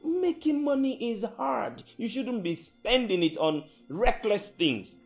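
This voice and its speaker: An actor playing a stingy young boyfriend who scolds and lectures about money. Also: male voice, brisk, soft background music, lightly acted. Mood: lecturing. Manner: preachy, scolding, rising to shrill emphasis.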